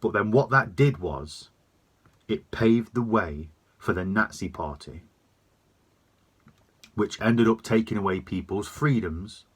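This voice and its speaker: A man's voice: on the low side, lively intonation, takes it slowly, pauses often, breathy edge. A man delivering a sweary, emphatic opinion rant to camera. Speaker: vlogger.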